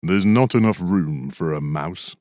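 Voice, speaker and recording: A man voicing a big, powerful, selfish male bear in a children's storybook, with a slow, heavy, menacing delivery. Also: deep voice, a little mellow, no room sound, clean studio sound. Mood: dismissive.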